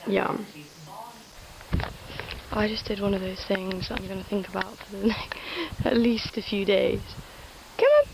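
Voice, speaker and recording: A young woman chatting casually in a vlog, soft, giggly and confiding. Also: mid-range voice, level tone, a little slow, creaky, long pauses, a crowd in the background, poor audio. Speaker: vlogger.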